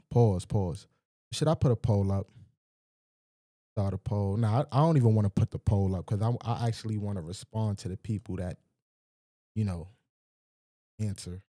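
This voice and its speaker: A man's voice: lowish voice, warm tone, no room sound, clean studio sound. A man hosting a livestream, chatting casually with his viewers in a loose, slangy and profane way. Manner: loose, slangy and profane, talking straight to the chat. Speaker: livestream host. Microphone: desk microphone with mic checks.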